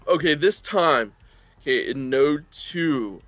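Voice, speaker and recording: A man's voice: a little high, expressive, takes it slowly, fairly bright tone, dry recording. A young man acting as game master, casually explaining rules with fillers and laughs. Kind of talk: running a tabletop game.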